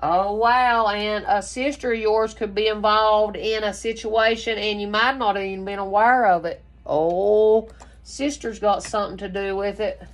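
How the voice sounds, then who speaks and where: A woman's voice: mid-range voice, fairly even intonation, measured pace. A woman giving a casual tarot reading, talking emphatically in a rambling way and swearing freely. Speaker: tarot reader.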